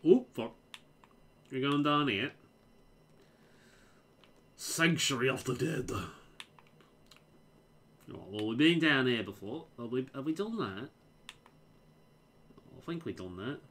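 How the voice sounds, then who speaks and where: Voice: medium pitch, animated, unhurried, pauses often, a bit bright, slight background noise. A streamer from the Liverpool area giving casual, rambling commentary while playing a game and swearing freely. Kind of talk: casual let's-play commentary.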